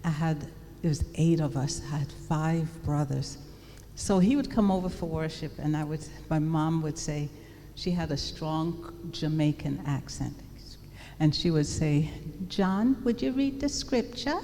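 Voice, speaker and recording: A woman from England tells her story to a congregation in a chatty way. Her voice is low and mellow. The long reverb of a large hall carries it, with a faint hiss beneath. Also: fairly even intonation, a little slow. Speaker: pastor's wife. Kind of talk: personal testimony to a church audience.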